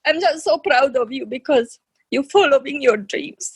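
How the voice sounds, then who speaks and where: An emotional woman from the audience on a video call, speaking haltingly and searching for words. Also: sits high, animated, no room sound. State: emotional, near tears. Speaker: audience member.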